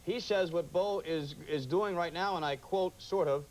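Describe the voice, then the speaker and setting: A man's voice: fairly high pitch, moderate pace, poor audio. A man hosting a sports talk show, wry and joking as he hands off to his co-host.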